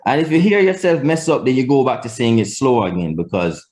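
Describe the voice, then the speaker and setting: A man's voice: mid-range voice, very animated, a little fast, darkish tone. A Jamaican man teaching a live class, patient and repeating key points for emphasis. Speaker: language teacher.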